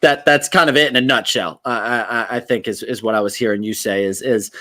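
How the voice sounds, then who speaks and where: A man's voice: medium pitch, brisk, a bit bright. A male host in a recovery-themed conversation, asking thoughtful, reflective questions with many fillers. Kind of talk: interview conversation.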